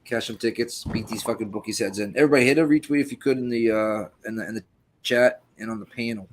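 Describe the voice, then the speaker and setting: A man's voice: lowish voice, fast, a little hiss or hum. A man hosting a live betting stream, hyping donors and asking viewers for support. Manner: loud hype, asks viewers for donations. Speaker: stream host. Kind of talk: casual live stream banter.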